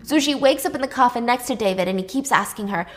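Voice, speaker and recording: A woman casually retelling a drama's plot, chatty and lively, raising her voice when she acts out the characters' lines. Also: quick pace. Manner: chatty, acts out dialogue with raised pitch. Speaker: drama recap narrator. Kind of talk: casual storytelling recap.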